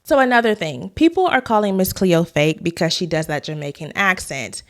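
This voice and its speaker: A woman's voice: lowish voice, animated, normal speed. A woman hosting a commentary vlog, talking conversationally and giving her opinions straight to the viewers. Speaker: YouTube host.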